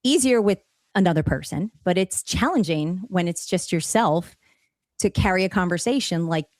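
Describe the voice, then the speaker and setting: A woman's voice: on the low side, expressive, moderate pace, darkish tone, no echo. A woman with a New Jersey accent, chatting and telling stories with laughs as a podcast guest. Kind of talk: casual chat.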